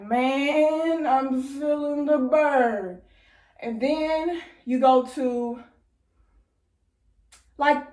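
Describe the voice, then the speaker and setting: A young woman chatting excitedly to her viewers in a vlog, still out of breath after a workout. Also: sits high. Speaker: vlogger. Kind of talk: casual chat to camera.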